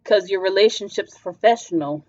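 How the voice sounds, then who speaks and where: A woman's voice: mid-range voice, normal speed, darkish tone, close to an everyday voice. A woman doing a sneering, menacing male stranger. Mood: needling. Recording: slightly dull lo-fi recording. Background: faint music.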